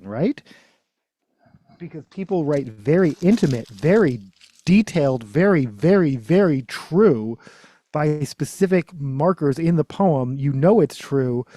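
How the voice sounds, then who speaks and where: A man chatting casually about library books as a streamer, often correcting himself and trailing off into quiet mumbles. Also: fairly high pitch, dry recording. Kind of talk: casual rambling chat.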